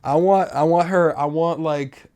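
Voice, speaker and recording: Animated young New man telling stories. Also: a little slow, clear, resonant tone. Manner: animated, swings from loud outbursts to low mutters. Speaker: podcast host. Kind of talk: casual storytelling monologue.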